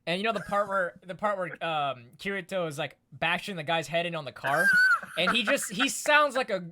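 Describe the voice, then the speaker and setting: A man co-hosting a casual podcast, telling stories in an animated way. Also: high-pitched, fairly quick. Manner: animated storyteller. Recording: noisy line with clicks.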